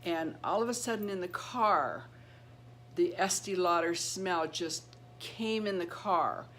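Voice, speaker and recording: A middle-aged woman telling a personal story to her channel. She speaks earnestly and haltingly, with many restarts and repeated words. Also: lowish voice, fairly bright tone, a little hiss or hum. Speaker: channel host.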